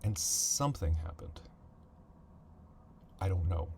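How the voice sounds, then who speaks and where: A man hosting a podcast, telling a personal family story in a halting way, often repeating words and thinking aloud. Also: low voice, lively intonation, vocal fry, a little mellow, slight background noise. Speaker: podcast host.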